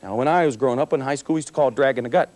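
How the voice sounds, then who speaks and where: A man's voice: mid-range voice, rapid-fire. A middle-aged man, a police officer, giving a motivational talk to a school assembly and acting out his stories with humor. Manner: animated storyteller, acting out scenes with humor. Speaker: police officer speaking to students.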